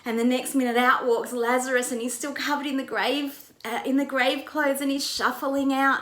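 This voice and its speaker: A woman's voice: sits high, steady tone, normal speed, a bit bright, reverberant. A woman pastor retelling a Bible story in a conversational way, with vivid narration. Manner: vivid retelling, acts out quoted lines.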